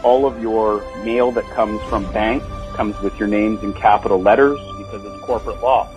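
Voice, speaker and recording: A man's voice: on the low side, steady tone, normal speed. A man on a podcast lecturing about hidden meanings, building chains of wordplay and asking rhetorical questions. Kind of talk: podcast conversation. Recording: dull lo-fi audio with faint music.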